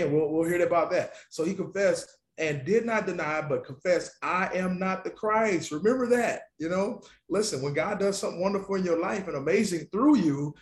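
A man preaching a sermon in a conversational way, checking in with "okay?" and reading scripture slowly and deliberately. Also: on the high side, reverberant. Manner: conversational preaching, frequent "okay?" and "you know". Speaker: pastor.

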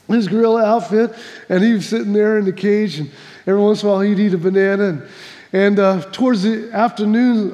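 A man's voice: sits high, a little mellow, in a large hall. A man preaching a sermon, telling a folksy joke before reading scripture, with many restarts and repeats. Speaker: pastor.

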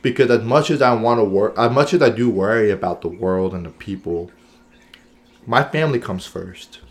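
A man's voice: on the low side, normal speed. Earnest man thinking aloud. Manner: earnest, thinks aloud with many "right?" and "you know what I'm saying?". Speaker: podcast co-host. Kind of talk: casual conversational chat.

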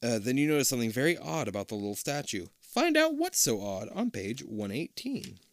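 A man reads a spooky adventure book aloud in a loose, joking way, swearing and cracking asides. His voice jumps around in pitch with lively animation, and the sound is close and dry. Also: a little fast, dry recording. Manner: irreverent, swears, jokes between passages. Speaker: reader of a choose-your-own-adventure book. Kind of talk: casual comedic read-aloud.

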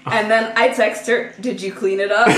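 A young woman, a podcast co-host telling a story to friends in a lively way, laughing often and acting out her own thoughts. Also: fairly high pitch, heavy background noise. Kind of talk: casual storytelling among friends. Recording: roomy echo.

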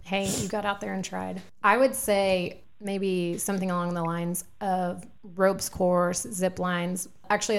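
A woman's voice: lowish voice, vocal fry. A middle-aged woman hosting a casual family podcast, chatty, laughing often and asking questions. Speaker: podcast host.

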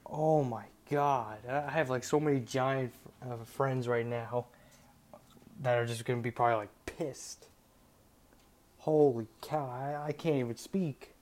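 A young man hosting a solo sports show, talking excitedly about breaking football news, often stammering and restarting his sentences. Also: mid-range voice, measured pace. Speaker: sports podcast host.

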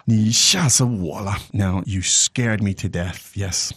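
A man's voice: lowish voice, slow, husky. A man teaching a language lesson in casual chat, acting out dialogue lines. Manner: animated, acts out dialogue lines.

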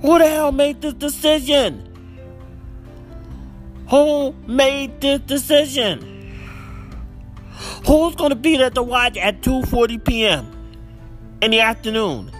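A man's voice: very high voice, slow, pauses often, fairly bright tone, soft background music. A man hosting a solo football picks podcast, ranting in exasperation and repeating himself. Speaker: podcast host.

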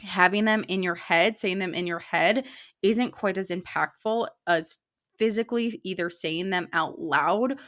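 Woman podcast host, lower voice, dry close-miked sound, casual and upbeat. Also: measured pace, a bit bright, dry recording. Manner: chatty and upbeat, with fillers like "like" and "you know". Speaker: podcast host and online fitness coach. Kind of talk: solo podcast talk.

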